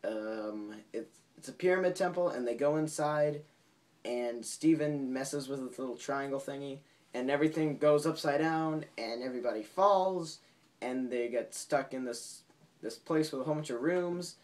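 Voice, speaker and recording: A man's voice: moderate pace, darkish tone. Man vlogger recapping a cartoon episode, casual, rambling, with frequent fillers and laughs. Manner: laughs often, acts out quotes in a high voice. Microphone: home camera mic.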